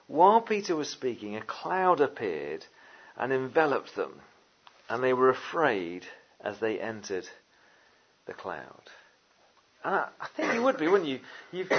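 A man delivers a sermon in a husky, slightly breathy voice at a middling pitch. He talks in a loose, conversational way, full of "uh" and "you know" and little jokes. The recording sounds dull and muffled. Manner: animated, jokey asides, frequent "uh" and "you know". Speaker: preacher.

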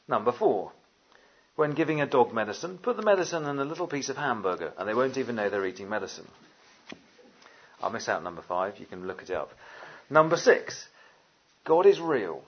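Earnest preacher with a husky voice. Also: male voice, medium pitch, sing-song, a little fast, pauses often, muffled recording. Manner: earnest, conversational, with frequent uhs. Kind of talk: sermon.

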